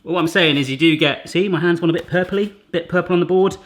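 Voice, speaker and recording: A man's voice: fairly high pitch, quick pace. A man hosting a casual cooking demonstration in a home kitchen, chatty and jokey, with rambling asides. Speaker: cooking channel host.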